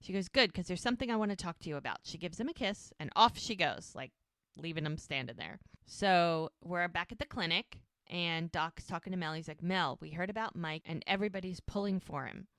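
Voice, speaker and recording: A woman co-hosting a podcast, casually recapping a TV episode and acting out the characters' lines in quick voices. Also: on the low side, fairly bright tone, dry recording. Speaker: podcast co-host.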